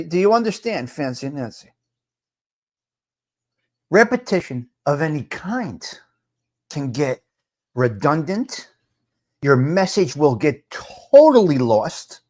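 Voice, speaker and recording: Running a live morning talk stream, this older livestream host calls out chat viewers by name. His fairly high-pitched voice is loud and emphatic, and he goes over his points again for effect.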